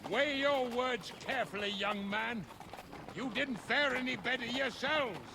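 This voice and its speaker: A man's voice: extremely high pitch, measured pace, creaky, background noise, exaggerated voice. A man voicing a scornful older court chamberlain in a video game, talking down to younger men. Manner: condescending, scolding. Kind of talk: video game cutscene acting.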